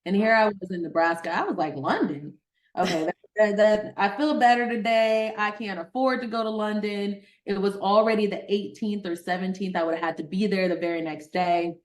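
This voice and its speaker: A middle-aged woman physician from Detroit telling a personal story in an interview, animated, acting out the voices of people she quotes. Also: medium pitch, fairly quick. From Detroit, Michigan. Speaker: guest, physician.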